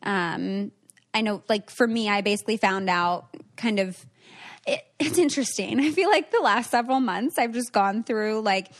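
A woman's voice: medium pitch, lively intonation, normal speed. A young adult woman hosting a podcast, talking in a reflective, casual way with many "like"s. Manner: reflective, says "like" often. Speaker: podcast host. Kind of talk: casual chat.

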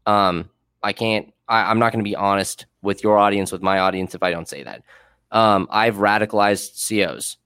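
A man's voice: lowish voice, normal speed, a bit bright, clear, resonant tone, no room sound, clean studio sound. A man who worked as a prison guard, telling blunt, profane stories in a casual podcast chat that turn heated.

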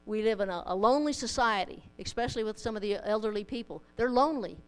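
A woman's voice: medium pitch, fast talker, smooth, poor audio. A woman preaching a sermon to a congregation, conversational and plainspoken, mixing scripture with homely stories and light humor. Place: church in front of a congregation.

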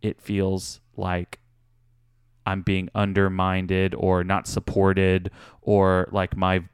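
A man's voice: low voice, completely flat delivery, slow, clear, resonant tone, dry recording, studio quality. A man in his thirties co-hosting a podcast, telling a candid personal story in a confessional, casual way. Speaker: podcast co-host. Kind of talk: casual chat.

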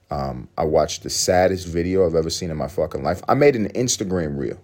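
Young male podcast host, very low voice, profane rambling rant. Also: animated, fairly quick, hardly any pauses, a little mellow. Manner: profane, rambling, self-mocking. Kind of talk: casual solo podcast rant.

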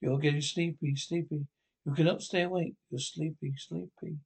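Droning TV hypnotist, slow and lulling, slightly raised and gravelly, 1960s cartoon. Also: male voice, fairly high pitch, fairly even intonation. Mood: soothing. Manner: slow, soothing hypnotic drone. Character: smooth TV stage hypnotist.

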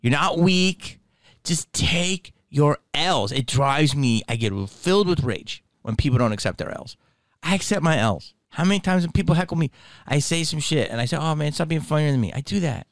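A man's voice: on the high side, animated, normal speed, no room sound. Man, podcast host, blunt, cursing, rambling opinions, dry close sound. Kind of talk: podcast commentary.

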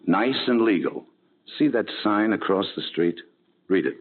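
A man's voice: fairly low pitch, animated, unhurried. An actor playing a sly, scheming man in 1940s radio acting. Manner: sly, conspiratorial. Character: scheming small-time man, sly and smug. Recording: tinny old radio broadcast.

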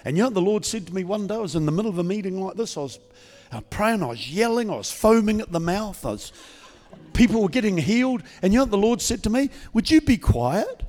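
A man preaching as a guest pastor, speaking calmly and conversationally instead of shouting, leading a healing prayer in a church service. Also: high-pitched, fast talker. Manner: calm, conversational, not yelling. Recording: long church reverb.

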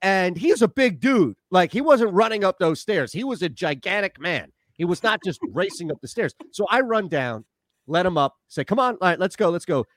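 A man's voice: high-pitched, normal speed, no echo. A man co-hosting a sports radio show from Philadelphia, telling stories casually with laughs. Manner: animated anecdote-telling with laughs. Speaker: radio co-host.

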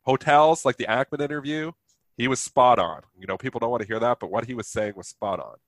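A man's voice: mid-range voice, fairly quick, no echo. A man with a nasal voice from a sinus infection, giving blunt, emphatic market commentary as co-host.

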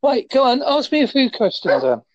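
A man from Essex with a mixed Essex and Devon accent, hosting a casual podcast chat in a teasing, deliberately slow way, speaking close to his phone. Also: very high voice, very animated, slight background noise. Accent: mixed Essex and Devon English. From Essex, England. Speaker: podcast host. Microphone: phone held close. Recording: dry, dull lo-fi phone audio.

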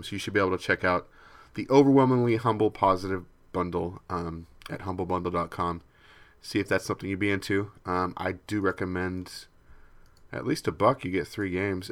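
A man co-hosting a casual podcast, talking in an easygoing way with lots of filler words. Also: low voice. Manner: easygoing, lots of ums, reads news aloud. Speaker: podcast co-host.

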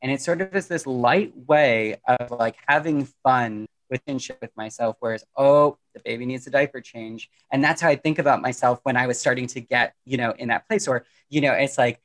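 A man talking as a podcast guest on mental health, casual and animated, joking often and restarting his sentences. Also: medium pitch, a little fast, hardly any pauses. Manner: animated, jokey, lots of fillers and restarts. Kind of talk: casual conversational interview.

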